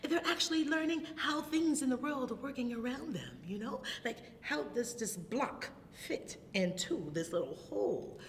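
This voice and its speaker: A children's librarian leads a toddler storytime full of rhymes and songs, speaking slowly in an animated, sing-song way with delighted gasps and soft whispers. The recording has a long reverb and a faint low rumble.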